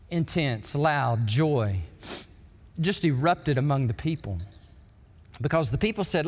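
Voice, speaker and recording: Male pastor, sermon, higher register, emphatic storytelling delivery, reverberant sanctuary. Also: unhurried, long pauses. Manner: emphatic storytelling preacher, bursts into excited acted quotes. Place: church sanctuary. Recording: long hall reverb.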